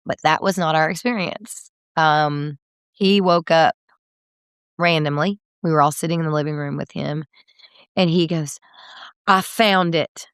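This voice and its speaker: A woman in her thirties, a singer guest in a candid interview, telling a personal story with many fillers and soft laughs. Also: sits low, a little slow, clear, resonant tone, dry recording, clean studio sound.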